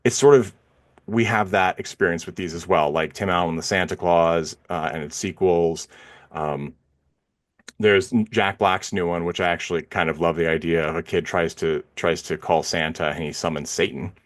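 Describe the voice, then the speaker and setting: A man's voice: low-pitched, steady tone, normal speed. A man co-hosting a film podcast, talking casually and rambling with frequent fillers and restarts. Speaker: podcast co-host. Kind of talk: casual film review chat.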